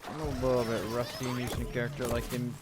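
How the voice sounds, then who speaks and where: A young man giving casual, monotone commentary over his own gameplay. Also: mid-range voice, fast talker. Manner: monotone, offhand. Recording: clear background noise.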